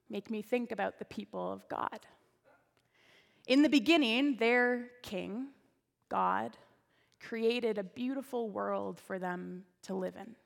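A woman pastor telling a story in a sermon, expressive, with volume that rises and falls, recorded in a church sanctuary with long reverb. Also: a little high, creaky.

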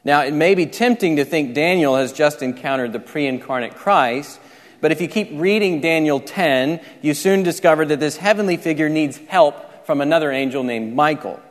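A man's voice: fairly high pitch, normal speed. A man preaching a sermon, explaining scripture step by step and often restarting his sentences. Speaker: pastor. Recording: reverberant large hall.

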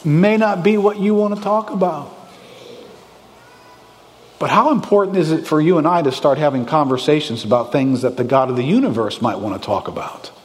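A man delivering a sermon with a fairly high voice, sounding from a large hall with a long reverb trail. He talks to the congregation like a conversation, firing off rhetorical questions and slipping into anxious inner voices to make his point. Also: moderate pace. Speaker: pastor.

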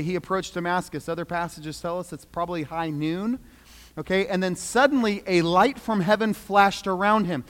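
A man preaching a sermon, dramatic, swinging from loud pleading to hushed quiet. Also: high-pitched, moderate pace. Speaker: pastor. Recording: long reverb of a large hall.

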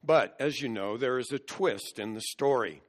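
Male preacher, mid-pitched, earnest expository delivery, walks the text verse by verse. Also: moderate pace. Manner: earnest expository teaching, explaining scripture verse by verse. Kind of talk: sermon.

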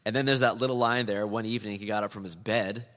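A man's voice: lowish voice, fairly even intonation, quick pace, a bit bright, in a large hall. A man preaching a sermon in a church, earnest and building to emphatic, repeated appeals. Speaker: pastor.

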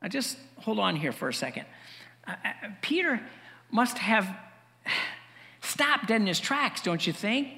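Gravelly, lively preacher in a reverberant church. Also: male voice, high voice, measured pace, long pauses. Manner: conversational, wry preaching with asides and chuckles. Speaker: pastor. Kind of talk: sermon.

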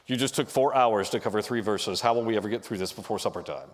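A man mimicking an impatient male churchgoer complaining about the length of the sermon, in a slightly lower voice. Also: fast, close to an everyday voice. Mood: grumbling. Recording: echoey hall.

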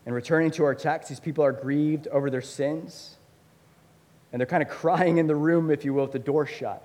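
Pastor, male, 30s, animated conversational sermon delivery with fillers, mid pitch, recorded in a reverberant church hall. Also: a little fast.

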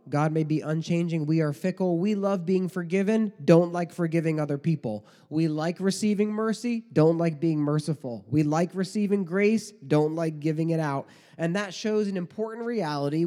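Warm in tone and fairly high in pitch, this male pastor delivers his sermon like a conversation. He leans on rhetorical questions and mock quotes, and a long hall reverb fills the recording.

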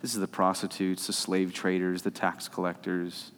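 A man preaching a sermon as pastor, animated and emphatic, swinging between loud stretches and soft, low ones. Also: normal speed. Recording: reverberant hall.

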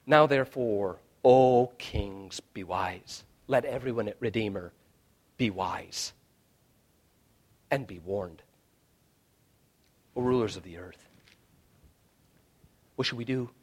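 A male pastor preaching a sermon, swinging from hushed, quiet lines to loud shouted ones. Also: fairly low pitch, slow pace, long pauses.

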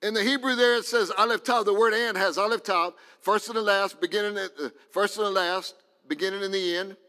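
A fervent male preacher with a high, bright, ringing voice that keeps climbing into shouted peaks. His sermon echoes with the long reverb of a big hall. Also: fairly even intonation, a little fast, smooth. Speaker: pastor.

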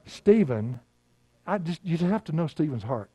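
An older man, preaching a sermon in a folksy storytelling way, laughing often and dropping to a hush. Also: on the high side, sing-song, normal speed, husky, lo-fi sound. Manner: folksy storytelling, laughing, swings from loud to hushed. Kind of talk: sermon with personal stories.

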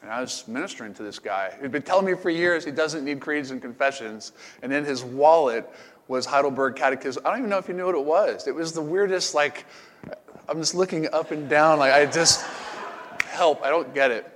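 A man's voice: on the high side, a little fast, a bit bright, long reverb tail. A man preaching as a pastor, then answering questions in a conversational way, often repeating words as he thinks. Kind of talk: sermon and Q and A. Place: camp meeting hall.

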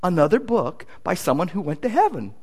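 Pastor doing a baffled bookstore customer. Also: male voice, high voice, sing-song, fairly quick, darkish tone, breathy edge, exaggerated voice. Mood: puzzled. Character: puzzled male bookstore customer in a joke.

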